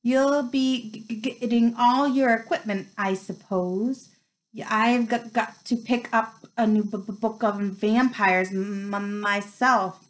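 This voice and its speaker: A woman's voice: a little high, steady tone, slow pace. A woman voicing a nervous young male teacher who stutters constantly. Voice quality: stutters on every few words.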